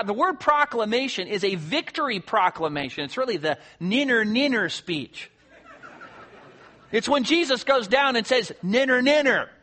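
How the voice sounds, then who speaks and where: A man preaching an earnest sermon, walking through scripture verses and dropping to a hushed voice for emphasis. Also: high voice. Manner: earnest expository preaching, quoting scripture, drops quiet for emphasis. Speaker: pastor.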